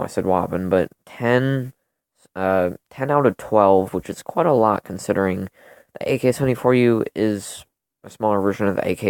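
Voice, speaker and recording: A man's voice: lowish voice, gravelly, clear, resonant tone, no room sound. A young man hosting a gaming channel, casually rambling through weapon stats with lots of fillers and self-corrections. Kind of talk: casual gun comparison commentary. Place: home room during a thunderstorm.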